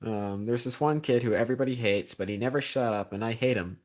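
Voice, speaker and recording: A teenage boy chatting casually on a livestream, rambling with lots of ums and a sarcastic edge, getting louder when he rants. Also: medium pitch, quick pace. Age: teens. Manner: gets loud and heated when ranting. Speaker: streamer.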